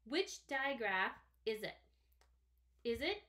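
A woman teaching first graders a phonics lesson on video, sounding out each word slowly and carefully. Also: on the high side, expressive, a bit bright. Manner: slow, careful, stretched-out sounds.

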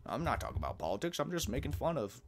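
A man's voice: medium pitch, wildly swooping pitch, racing. A man giving casual, profane, joking commentary while playing a game, talking to himself and mumbling asides. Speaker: let's play gamer.

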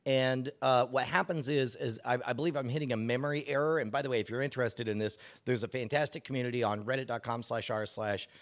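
A man co-hosting a casual podcast chat, laughing often and getting animated as he reads aloud. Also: medium pitch, fast, hardly any pauses. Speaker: co-host.

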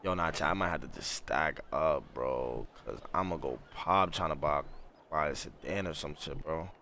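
A young man with a low, deep voice live-streams a game and reacts out loud to his chat. He talks in loose, excitable slang, hyping things up and then joking around. A faint hiss sits under the recording. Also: moderate pace. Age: young adult. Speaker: livestreamer. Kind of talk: casual live-stream chat over gameplay.

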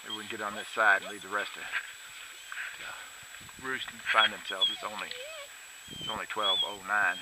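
A man out hunting with his dogs, shouting short commands to them and talking quietly to his camera. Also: steady tone, unhurried, pauses often, heavy background noise. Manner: shouts dog commands, then talks low and quietly to the camera. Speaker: hunter filming his dogs. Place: outdoors in snowy rural fields.

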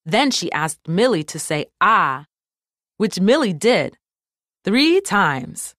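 A woman reads a children's story aloud, slow and expressive. Her voice rises and falls widely, and the sound is dry and close. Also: medium pitch, dry recording. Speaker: storybook reader. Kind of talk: scripted narration for children.

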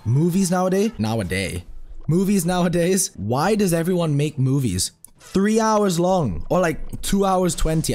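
A hoarse young man giving excitable, self-mocking live commentary while playing a mobile game, swearing often. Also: medium pitch. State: hoarse, recovering from a lost voice.

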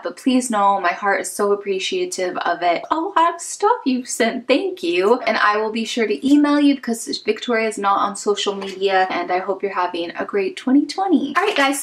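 A young woman from Wichita, Kansas, hosts a casual YouTube vlog where she opens fan mail, speaking in a higher-pitched voice. She's gushing and emotional and uses "like" a lot, and the recording quality is low.

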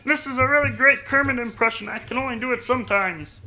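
A man putting on a silly, high-pitched impression of a frog puppet character while commenting on a game. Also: quick pace, bright, forceful tone, faint music behind, full character voice. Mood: playful. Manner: silly, testing the voice mid-sentence. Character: Kermit-style frog puppet voice, high and bright.

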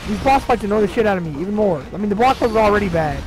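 A man giving profane, frustrated gaming commentary, swearing heavily and yelling at the game. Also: high voice, animated, very fast, hardly any pauses, poor audio. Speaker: let's play gamer. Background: game music.

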